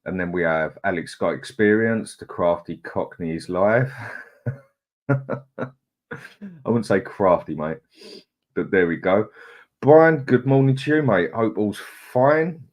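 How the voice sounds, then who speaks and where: A man's voice: fairly low pitch, takes it slowly, long pauses. A middle-aged man, hosting a casual live chat, greeting viewers in a chatty, laid-back way. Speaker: livestream host.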